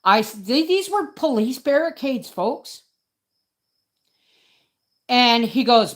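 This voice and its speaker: A woman's voice: a little high, expressive, slow pace, long pauses. A middle-aged woman telling a story as host of a homesteading channel, indignant and emphatic, often adding "right?" and "folks". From Canada. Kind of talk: storytelling livestream chat.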